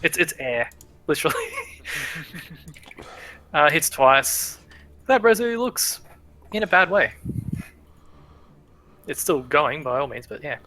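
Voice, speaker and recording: A man narrating as game master in a relaxed livestreamed tabletop game, thinking aloud with easy fillers. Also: a little high, slow, pauses often, rough recording. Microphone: livestream microphone.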